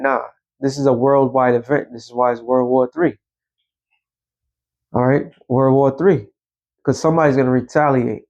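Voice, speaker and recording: A man's voice: medium pitch, steady tone, normal speed, pauses often, a little mellow, dull audio. A man giving a blunt, scolding religious commentary and quoting scripture. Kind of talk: preaching commentary.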